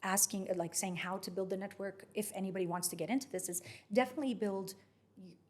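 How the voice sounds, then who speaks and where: Woman, 40s, from Saudi Arabia, voiceover pro as interview guest, animated and frank, mid pitch. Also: fast. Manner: animated, candid, acts out her inner voice. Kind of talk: casual interview chat.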